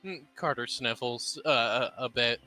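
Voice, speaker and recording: A man narrating his character's actions in a tabletop role-play, in a halting way that stumbles over words. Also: mid-range voice, bright, forceful tone, faint music behind, rough recording. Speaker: player.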